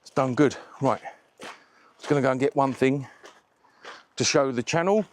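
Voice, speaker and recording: A man chatting to camera while washing a car, relaxed and a little out of breath. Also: mid-range voice, a little hiss or hum. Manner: chatty, slow and unhurried, self-deprecating. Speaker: car detailing vlogger.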